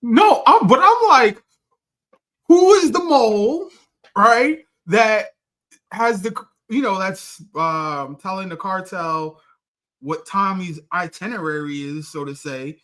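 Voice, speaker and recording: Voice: medium pitch, animated, takes it slowly, a bit bright. A co-host of a casual TV spoiler review who asks questions and pushes back on the other host.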